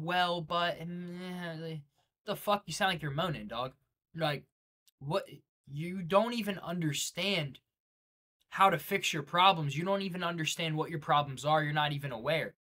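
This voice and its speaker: A man's voice: on the high side, pushed and bright. A young man giving a blunt, profane, slang-heavy motivational rant to his viewers. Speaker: day-trading vlogger.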